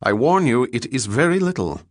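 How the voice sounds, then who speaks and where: A man's voice: mid-range voice, lively intonation, normal speed, no echo, studio quality, voice pushed up, close to an everyday voice. A man voicing a haughty, evasive male diplomat who blusters in an imperious way. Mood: haughty, uneasy.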